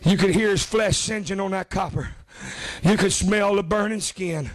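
A man's voice: high voice, moderate pace. A man preaching a revival sermon, chanting with a gasped "uh" before each phrase.

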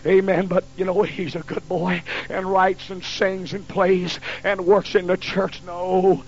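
A man's voice: high voice, little pitch movement, unhurried, few pauses. A man, preaching a fiery sermon in a folksy storytelling way in a church. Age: 50s. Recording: lo-fi recording with faint hum.

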